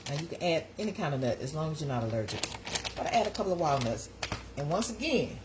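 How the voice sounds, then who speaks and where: A woman hosts a casual live stream from her kitchen in a slightly low voice. She is folksy and chatty and talks straight to the people watching. Clear background noise runs under the home recording. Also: big pitch swings, fast talker.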